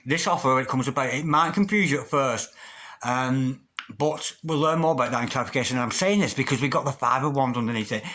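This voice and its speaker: A man's voice: medium pitch, fast talker, sharp tone. A man giving a tarot reading in a video, repeating prayer-like invocations and exclaiming over the cards. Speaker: tarot reader.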